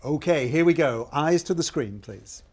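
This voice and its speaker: An actor playing an upbeat game show host in a scripted training video, speaking. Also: male voice, on the high side, animated, moderate pace, darkish tone, natural voice. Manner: upbeat, emphatic presenter.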